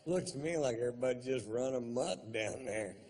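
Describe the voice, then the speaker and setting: A male stand-up comedian telling stories in a dry, deadpan way with crude punchlines. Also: mid-range voice, fairly quick.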